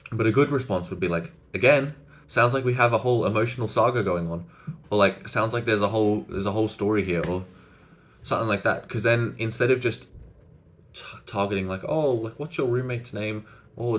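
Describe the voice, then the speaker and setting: A young man talks through conversation tips straight to the camera, casual and unscripted, often stopping to rephrase. His voice sits a little low. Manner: loose and conversational, many "like" fillers and restarts. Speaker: social skills coach. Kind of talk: casual to-camera advice talk.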